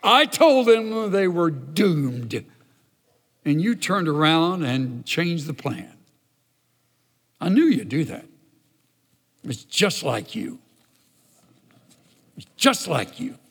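A preacher voicing a petulant, resentful prophet. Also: male voice, on the high side, sing-song, takes it slowly, long pauses, fairly bright tone, heavily acted. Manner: petulant, complaining. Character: angry resentful male prophet, sulking. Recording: long hall reverb.

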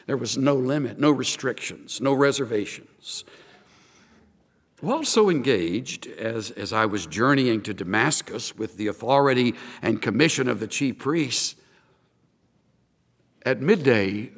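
A man's voice: mid-range voice, lively intonation, measured pace, a bit bright. A male pastor preaching a sermon, dramatically retelling a story in first person and often repeating his words. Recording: reverberant hall.

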